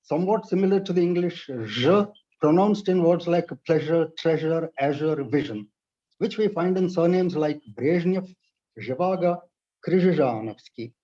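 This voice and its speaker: A man with a high, mellow voice delivers a measured, precise lecture on pronunciation. He is from India and explains each point carefully. The recording is dull and lo-fi. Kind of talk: read-aloud lecture.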